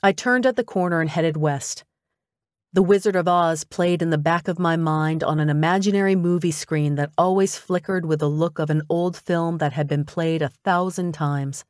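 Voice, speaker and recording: A woman reading a first-person audiobook in an expressive, conversational way. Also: on the low side, moderate pace, no room sound, clean studio sound. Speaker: audiobook narrator.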